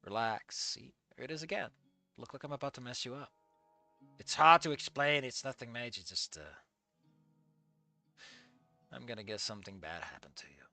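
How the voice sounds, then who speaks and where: A streamer voicing a brooding, perceptive young male student in a low, hushed, probing way, with faint game music behind. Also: brisk, no room sound. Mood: hushed, prying.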